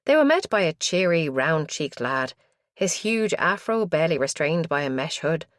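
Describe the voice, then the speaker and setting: A woman reading a crime thriller audiobook in a measured, suspenseful way. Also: sits low, big pitch swings, dry recording, studio quality. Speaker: audiobook narrator. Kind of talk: scripted narration.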